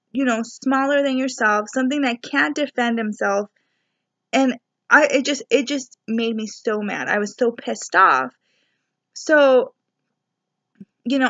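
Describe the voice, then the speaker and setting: A woman's voice: mid-range voice, a bit bright, dry recording, dull audio. A young woman telling a rambling personal story to camera, chatty and full of fillers and asides. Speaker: spiritual vlogger, student. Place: her apartment.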